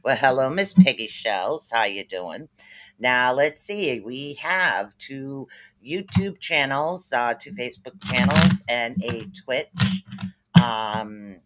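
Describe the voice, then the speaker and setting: A man's voice: mid-range voice, animated, slow pace, a bit bright. Man chatting on a noisy live stream. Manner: greets viewers by name, chatty with fillers. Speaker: spirit reader hosting a live stream. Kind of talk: casual live-stream chat.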